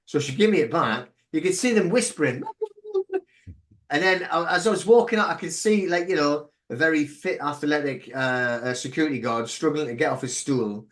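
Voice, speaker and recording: Fairly high-pitched man, talking as a guest in a casual interview. He tells his stories emphatically, sounding indignant and fired up. His delivery is forceful and pointed. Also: normal speed.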